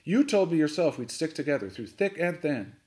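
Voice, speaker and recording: An earnest, eager young boy, put on by a man reading a storybook aloud, speaking up bravely and sincerely. His voice rises with feeling and swings through a lively range. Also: on the high side, fairly quick, pitched above the performer's own voice.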